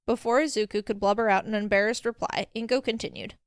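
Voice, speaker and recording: A woman narrating a fanfiction audiobook in a steady, expressive reading. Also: medium pitch, quick pace, few pauses, clear, resonant tone, dry recording, clean studio sound.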